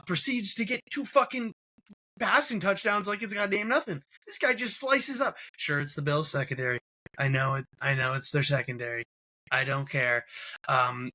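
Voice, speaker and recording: Casting: bright-toned New York man, sports podcast host who rants and swears constantly. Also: on the high side, normal speed. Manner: profane, ranting. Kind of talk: casual sports podcast chat.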